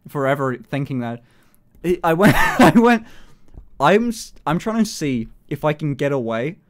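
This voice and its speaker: A British man in a casual live-stream chat, talking in an animated way, swearing a lot and laughing often. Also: fairly high pitch, normal speed.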